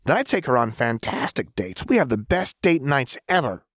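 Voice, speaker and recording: A man voicing a manic, bratty young woman gunner in an audiobook, with a high, sing-song, indignant delivery. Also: very animated, normal speed, fairly bright tone, no echo, clean studio sound.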